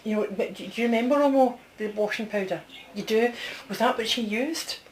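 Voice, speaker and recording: A woman's voice: fairly high pitch, a little fast, rough recording. A woman giving a one-to-one reading as a medium, chatty, passing on messages and checking in often with the person she is reading for. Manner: chatty, relays messages, keeps checking with the sitter. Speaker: psychic medium.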